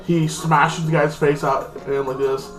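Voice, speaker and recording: Unhurried and level in tone, a man with a voice on the high side rambles casually through a recap of a TV episode. "Like" crops up constantly in his talk. The room echoes, and faint music plays.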